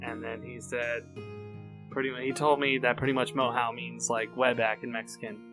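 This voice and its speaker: A man's voice: medium pitch, level tone, normal speed, over music. A man co-hosting a podcast, swearing freely and rambling through stories in casual chat while a little tipsy. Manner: profane, rambling storyteller. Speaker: podcast co-host.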